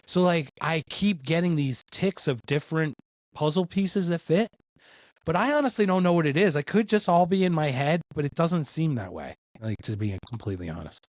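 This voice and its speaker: Animated man telling a story. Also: fairly high pitch, normal speed, dry recording. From Philadelphia. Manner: animated, acts out other people's lines. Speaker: podcast guest. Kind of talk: casual storytelling.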